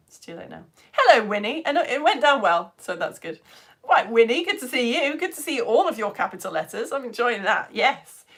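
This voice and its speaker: A woman science teacher on a live stream, chatting warmly and laughing as she greets viewers by name and reads their comments. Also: medium pitch. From United Kingdom. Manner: bubbly, chatty, laughs often, rambling. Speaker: online science teacher for home educators.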